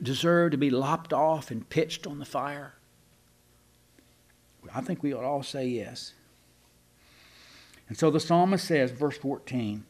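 A medium-pitched male preacher delivers his sermon at a deliberate, forceful pace. He asks questions meant for reflection and now and then starts a phrase over.

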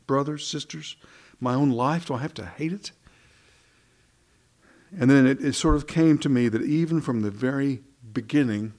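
A man's voice: medium pitch, a little mellow. A man preaching into a microphone, reading scripture and talking in a conversational, wry way full of rhetorical questions. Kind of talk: sermon.

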